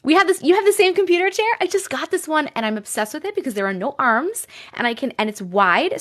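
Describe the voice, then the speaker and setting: A woman with a New York accent hosting a casual livestream from home, chatting, laughing often and reading viewer stories and comments aloud. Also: medium pitch. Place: at home, seated at a computer desk.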